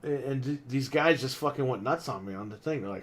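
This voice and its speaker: Here he speaks at medium pitch, briskly and with few pauses, still ranting casually about his game store's customers. He swears a lot, sounds exasperated, and performs the lines people said to him.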